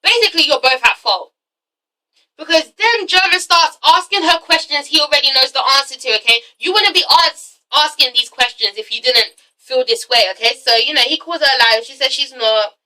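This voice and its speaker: A woman recaps a TV episode in a casual, gossipy, animated way, swearing freely and checking in with "okay?" again and again. Her voice is high and brisk. The low-quality recording places her at a distance from the mic.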